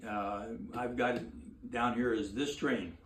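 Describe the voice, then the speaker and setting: A man introducing an old gospel tune in an unhurried way before singing it. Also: medium pitch, fairly even intonation, distant mic, slight background noise. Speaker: contest entrant. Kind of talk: singing a gospel song with ukulele. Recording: echoey room, loud ukulele.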